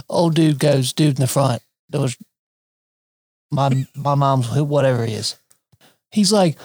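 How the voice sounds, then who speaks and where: A man's voice: a little high, huge pitch swings, unhurried, long pauses, breathy edge, no room sound, clean studio sound. A young man telling a wild family story in casual chat, swearing and laughing as he goes.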